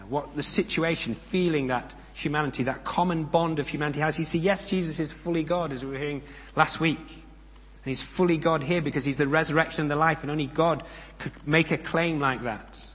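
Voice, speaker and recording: A man preaching a sermon. He speaks in a measured, emphatic way, with pauses and rhetorical questions. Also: a little high, fairly bright tone. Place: church. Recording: long reverb of a church hall.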